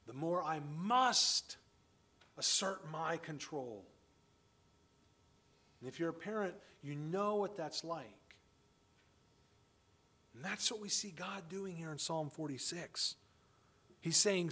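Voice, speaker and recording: A man with a high voice delivers a sermon to his congregation. He presses his points emphatically and keeps posing rhetorical questions. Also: expressive, takes it slowly, long pauses, bright, forceful tone, slightly rough. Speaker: pastor; father of children.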